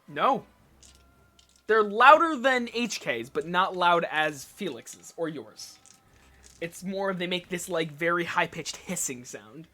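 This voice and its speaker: A man with a high, bright and forceful voice runs a tabletop game as its game master. He paints each scene in vivid narration and drops in his own sound effects. His tone stays sharp and ringing throughout. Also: expressive, slow pace.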